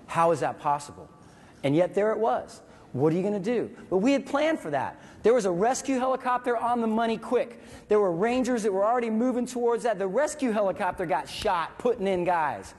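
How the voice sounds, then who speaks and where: A man with a fairly high voice delivers a vivid story in a speech, acting out sounds and voices. His voice carries a long reverb, as if in a large hall. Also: lively intonation, brisk, a little mellow. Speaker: veteran speaker.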